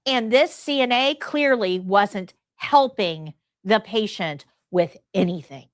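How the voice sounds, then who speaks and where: A middle-aged woman teaching a live nursing class, telling stories in an emphatic, lively way. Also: medium pitch, slow pace, no echo, clean studio sound. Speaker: nursing instructor.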